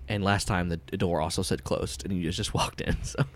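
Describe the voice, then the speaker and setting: A man's voice: low voice, fairly even intonation, fairly quick. A man narrating a tabletop game as game master, rambling with many fillers. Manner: rambling, full of fillers, laughs often.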